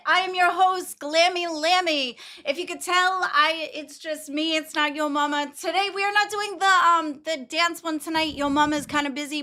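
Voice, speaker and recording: A young woman hosting a casual livestream, blunt and quick to swear, laughing often. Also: very high voice, bright, forceful tone. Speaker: stream host.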